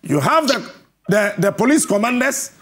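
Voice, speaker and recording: Ghanaian male host, combative interviewer, high and lively with gravel. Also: normal speed. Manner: forceful, repeats and cuts in, sing-song emphasis. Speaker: radio and TV host. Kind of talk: combative live interview on air.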